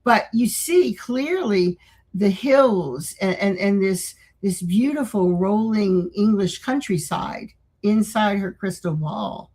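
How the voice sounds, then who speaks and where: Older woman guest, husky, rambling storyteller with lots of restarts. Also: medium pitch, animated, slow pace, darkish tone, rough recording. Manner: rambling, with many restarts and acted-out quotes. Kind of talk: casual interview storytelling.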